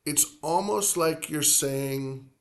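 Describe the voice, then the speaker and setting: A man's voice: fairly high pitch, slow. A man teaching Spanish pronunciation, explaining at length with many fillers and drawing out the words he repeats. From grew up near the Atlantic coast. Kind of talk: language lesson.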